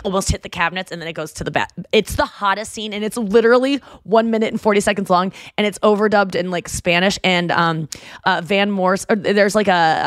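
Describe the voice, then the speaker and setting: A woman's voice: medium pitch, fairly bright tone, dry recording. A woman in her thirties hosting a podcast, chatting casually and rambling with lots of fillers and restarts. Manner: rambling, many fillers and restarts, acts out movie lines. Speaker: podcast host. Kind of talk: casual chat.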